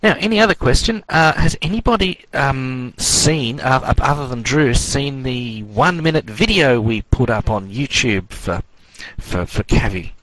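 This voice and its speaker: A man's voice: mid-range voice, measured pace, few pauses, no room sound, poor audio. Male instructor, casual online lecture, filler-heavy, close dry mic. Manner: relaxed, rambling, filler-heavy. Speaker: networking course instructor.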